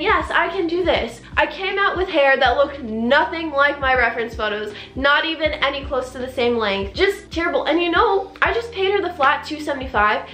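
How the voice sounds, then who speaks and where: A young woman, telling a story to the camera in an upset, rapid rant while doing her makeup. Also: high voice, bright, forceful tone, roomy sound. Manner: upset, rapid recounting with quoted dialogue. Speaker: vlogger. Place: indoors at home, doing makeup.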